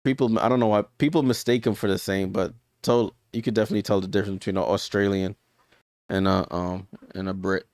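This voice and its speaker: A man talks through a live game in a smooth, clean voice, calling plays in a loose, conversational way. His sound is dry and close, with no room around it. He often catches his own slips and fixes them on the fly. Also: on the low side, steady tone, fast talker, darkish tone, no room sound. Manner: chatty, corrects himself often and laughs at his own slips. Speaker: live stream watch-along commentator. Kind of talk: casual live play-by-play commentary.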